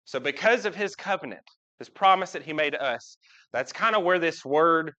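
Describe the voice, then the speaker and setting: In a church sanctuary, a man preaches a casual sermon live, chatting with the congregation and putting questions to them. His fairly high voice is expressive, pushed and bright, at a moderate pace, and the live church recording sounds dull and lo-fi.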